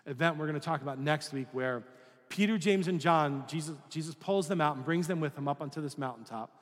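A man's voice: on the high side, brisk, long reverb tail. A male pastor giving a sermon in a conversational style, asking the listeners questions and sometimes acting out voices. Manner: conversational preaching with rhetorical questions and acted-out voices.

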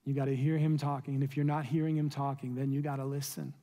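A man's voice: mid-range voice, little pitch movement, fast, dark tone. A male pastor preaching a sermon, earnest and pleading, asking his listeners rhetorical questions. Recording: long reverb of a large room.

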